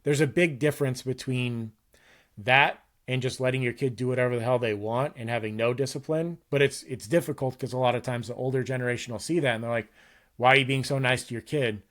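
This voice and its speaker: A man's voice: medium pitch, a little fast. A man in his thirties, a guest on a casual podcast, talking candidly and earnestly about parenting in a loose, rambling way with frequent restarts.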